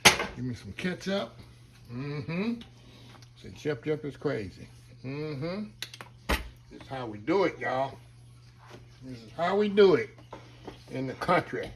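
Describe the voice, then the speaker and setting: A man's voice: mid-range voice, lively intonation, slow, pauses often, slight background noise. A man hosting a casual cooking vlog, talking folksy and calling his viewers y'all. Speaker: cooking channel host. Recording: kitchen with sizzling grease behind.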